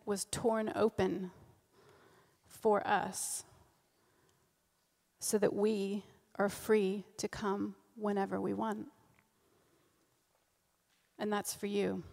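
A woman's voice: medium pitch, vocal fry, darkish tone. A woman giving an informal, earnest sermon at a church service, often repeating and restarting her phrases. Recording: long reverb of a church hall.

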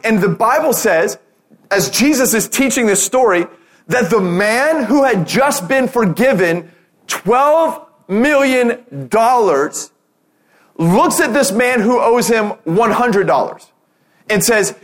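Man, pastor, sermon, high voice, animated storytelling, rallying calls. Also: measured pace. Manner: animated storytelling, acting out quotes.

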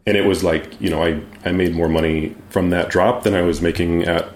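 A man's voice: low voice, steady tone, fairly quick, roomy sound. A man talking as a guest in a casual interview, hesitant, with many ums and restarts. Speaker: guest artist.

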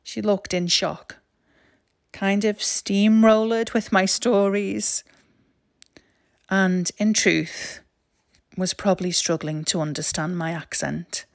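A woman with a Liverpool accent, reading her own memoir stories aloud in a wry, self-mocking, expressive way. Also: mid-range voice, takes it slowly, gravelly, long pauses, no room sound, clean studio sound. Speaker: author and narrator. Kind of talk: memoir storytelling, read aloud.

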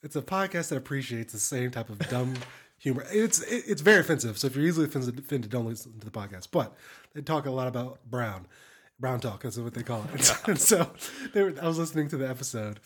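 A man's voice: mid-range voice, quick pace, husky. A man co-hosting a podcast, chatting casually, rambling and laughing through his stories. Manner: giggly, rambling, animated. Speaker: podcast co-host. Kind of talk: casual chat.

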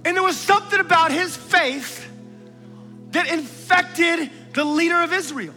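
Man, preacher, high pitched, bright forceful tone, impassioned sermon, long church reverb. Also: measured pace, soft background music. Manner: impassioned, rises to shouts at key lines.

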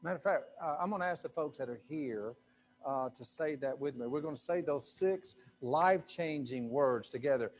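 A man's voice: on the high side, normal speed. A male pastor preaching to a live congregation in a loose, conversational way, full of fillers and asides. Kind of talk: sermon. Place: church sanctuary with a live congregation.

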